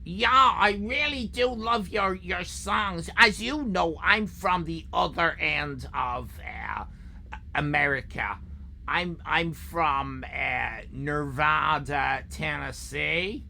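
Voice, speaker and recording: A woman's voice: low voice, slow pace, creaky, pushed and bright, a little hiss or hum. A woman hosting a comic live stream, chatting with many fillers. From Ireland.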